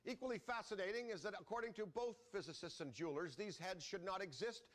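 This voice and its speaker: A man narrating an advertisement in a solemn, earnest, measured way. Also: high-pitched, fairly bright tone. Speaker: commercial narrator.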